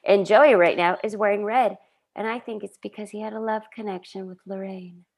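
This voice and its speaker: A woman's voice: mid-range voice, fairly even intonation, brisk, darkish tone. A woman co-hosting a podcast in casual chat, telling a story unhurriedly and acting out the quotes. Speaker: podcast co-host. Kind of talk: casual chat recapping a sitcom.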